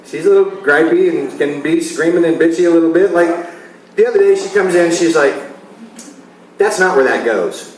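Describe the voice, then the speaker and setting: A man's voice: fairly high pitch, steady tone, fairly quick, darkish tone, slight background noise. Chuckling forties man doing stand-up. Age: 40s. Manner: loose, conversational, chuckling at his own jokes. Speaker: stand-up comedian. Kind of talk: stand-up comedy routine. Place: comedy club stage. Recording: echoey live club from far off. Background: audience laughter.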